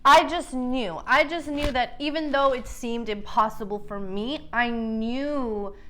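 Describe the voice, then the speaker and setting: A woman's voice: a little high, measured pace, fairly bright tone. A woman hosting a vlog, casually telling a personal story to camera, chatty and earnest, with lots of "like" and mild swearing. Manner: earnest, builds to emotional emphasis.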